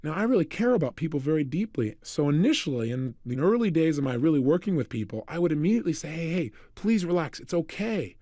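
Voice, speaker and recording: A man giving a motivational talk, telling energetic stories and acting out the dialogue. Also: on the high side, quick pace, hardly any pauses, no room sound, studio quality. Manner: energetic, storytelling, acts out dialogue. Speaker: motivational speaker.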